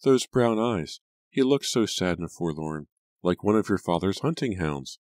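Gushing naive teenage belle, voiced by a man, pitched up, earnest and excitable, audiobook. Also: unhurried, no echo, studio quality.

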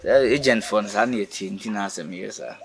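An actor playing a boastful, coaxing property agent in a comedy film. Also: male voice, fairly low pitch, fairly quick, vocal fry, over a noisy crowd. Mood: bargaining.

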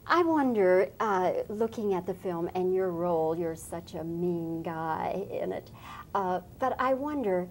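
A woman's voice: fairly low pitch, expressive, unhurried, a little mellow, slight background noise. A woman interviewing a film actor, asking gracious questions.

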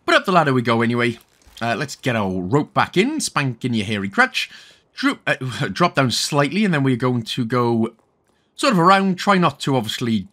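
A man's voice: mid-range voice, fairly bright tone. A young Welsh man giving casual, jokey, rambling commentary over a game walkthrough. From Wales. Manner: rambling, jokey, self-correcting.

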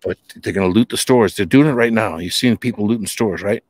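A man's voice: on the low side, a little fast, a crowd in the background. A man talking as a guest in a casual, rambling chat, emphatic and full of restarts. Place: home near the Charles River.

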